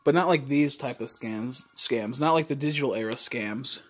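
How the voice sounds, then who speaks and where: A man's voice: medium pitch, moderate pace, a bit bright. A man livestreaming, chatting casually and rambling with many fillers and casual swearing.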